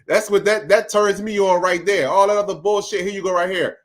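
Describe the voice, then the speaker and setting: A man reacting to video clips in casual commentary, animated and emphatic, repeating lines for effect. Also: high-pitched, fairly quick.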